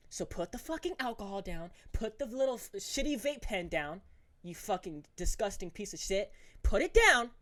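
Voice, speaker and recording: A man's voice: sits high, fairly bright tone. Teen guy ranting heatedly. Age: teens. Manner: profane, heated, scolding. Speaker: podcast host. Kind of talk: solo podcast rant.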